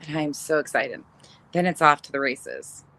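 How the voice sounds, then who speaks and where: A middle-aged woman talks in a low but bright, forceful voice, chatting casually with viewers on a livestream. She laughs often and swears without a second thought, her talk loose and unscripted. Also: animated, normal speed. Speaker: livestream host reading viewer comments. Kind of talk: casual chat.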